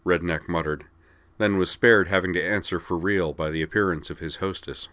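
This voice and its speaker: A man with a low, deep voice narrates a story in a steady, storytelling manner. The recording is close and dry, with no room sound at all. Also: normal speed, no room sound. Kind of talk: reading a story aloud.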